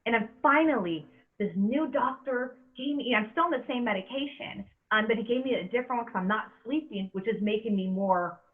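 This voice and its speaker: Her voice on the high side and a little fast, a podcast host in her thirties chats casually. She's earnest and emphatic, frequently repeating words, and the audio sounds tinny, like a phone.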